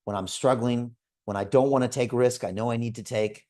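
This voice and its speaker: A man in his fifties hosting a crypto investment club and giving a motivational sales pitch on a group video call. He talks in a direct, energetic way and keeps calling his listeners folks. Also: brisk.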